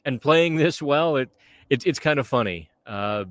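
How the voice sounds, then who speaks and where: A chatty man hosts a casual podcast outdoors by the water on a windy day. His voice sits at a middle pitch and sounds dry and close, with no room around it. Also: animated, a little slow, no room sound. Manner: chatty, conversational. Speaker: podcast host. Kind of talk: casual on-camera chat.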